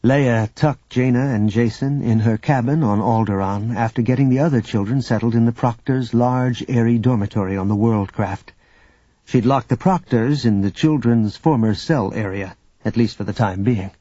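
Husky male audiobook narrator. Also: medium pitch, normal speed, mellow, dry recording, muffled recording. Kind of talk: scripted narration.

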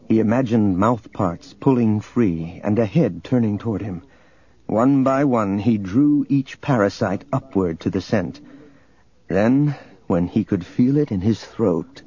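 A man narrating an audiobook in a steady, measured reading. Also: fairly low pitch, husky, muffled recording. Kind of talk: scripted narration.

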